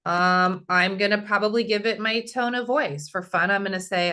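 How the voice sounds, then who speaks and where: A woman's voice: mid-range voice, steady tone, moderate pace, hardly any pauses, pushed and bright. A woman speaker teaching a casual screen-share workshop over a video call, chatty and talking straight to her audience. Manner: chatty, talks to the audience, often asks "right?".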